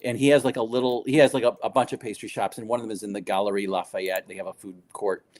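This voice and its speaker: A man chatting as a guest on a video call, telling lively stories with lots of fillers and laughter. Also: fairly low pitch, fast. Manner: animated storyteller, many fillers, laughs often. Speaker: guest, food writer and baker. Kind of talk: casual chat.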